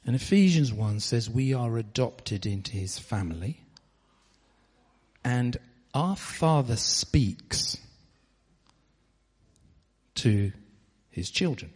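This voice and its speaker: A man pastor leading a church meeting, chatty and relaxed, speaking with long pauses. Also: mid-range voice, slightly rough, in a large hall. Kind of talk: informal preaching. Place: church hall.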